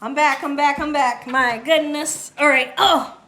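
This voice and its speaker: A woman's voice: sits high, fairly even intonation, a little slow, bright, forceful tone, a little hiss or hum. A woman, chatting casually on a cooking livestream in her home kitchen, reading viewer comments aloud and laughing often. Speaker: cooking channel host.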